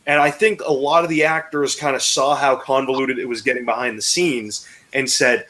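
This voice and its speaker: Bright-voiced swearing American man. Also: mid-range voice, moderate pace, hardly any pauses. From United States. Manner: swearing, rambling, animated. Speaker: podcast co-host. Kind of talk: casual riffing chat.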